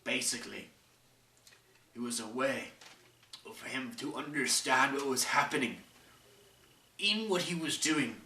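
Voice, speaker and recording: A man's voice: mid-range voice, expressive, a little slow, pauses often, sharp tone. A man narrating an amateur story with earnest, dramatic delivery. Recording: echoey room, mic far off, faint hiss.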